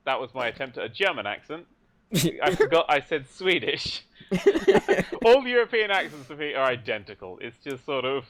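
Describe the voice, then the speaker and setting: A man's voice: fairly high pitch, wildly swooping pitch, moderate pace, a bit bright. A man, a podcast guest, chatting casually while gaming and joking, teasing and laughing a lot.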